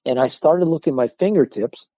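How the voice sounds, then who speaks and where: An older martial arts instructor, a guest on a podcast interview, explains his training ideas casually and animatedly, acting out the voices of people in his stories. His medium-pitched voice is mellow, warm and brisk, and the recording is dry and close-miked with no room sound.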